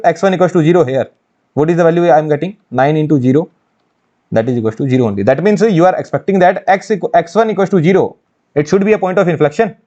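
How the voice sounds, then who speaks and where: A man's voice: fairly high pitch, mellow, highs cut off. A man with an Indian English accent teaching engineering mathematics for an exam course, asking questions and answering them himself and repeating key phrases. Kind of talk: online exam-prep lecture.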